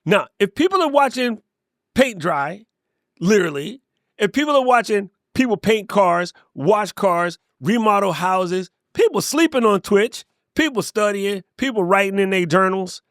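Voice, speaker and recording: A middle-aged man giving an energetic, conversational motivational talk to camera, with playful asides. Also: high-pitched, measured pace, no echo, clean studio sound. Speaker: YouTube creator and coach.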